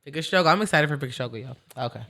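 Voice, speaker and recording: A woman hosting a podcast, chatting in an animated, rambling way and laughing easily. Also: low voice, very fast. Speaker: podcast host. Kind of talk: casual chat.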